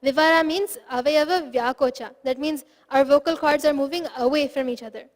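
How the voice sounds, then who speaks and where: A woman's voice: high voice, fairly quick, big-room sound. A woman teaching a phonetics class, patiently explaining step by step and sounding out syllables aloud.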